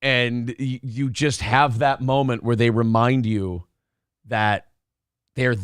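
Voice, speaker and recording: A man's voice: medium pitch, takes it slowly, clean tone, no room sound, clean studio sound. A middle-aged man co-hosting a casual talk show, telling stories with lots of swearing. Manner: animated storytelling, swears freely. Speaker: podcast co-host. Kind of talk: casual chat.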